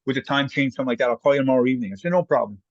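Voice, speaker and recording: Canadian male guest, fast, lively raconteur, dry dull recording. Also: mid-range voice, dry recording. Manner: animated anecdotes, acts out quoted voices. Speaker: guest, former hockey player. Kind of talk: casual storytelling.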